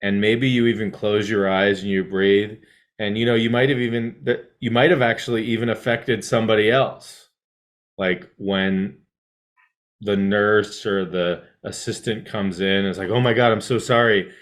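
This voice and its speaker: A man with a somewhat low voice leads a mindfulness class in a loose, conversational way. He wanders through his points with restarts and frequent "right?" check-ins. When he guides the breath, his voice sinks to a soft hush. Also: level tone, a little slow. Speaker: mindfulness teacher. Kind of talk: casual mindfulness talk to a class.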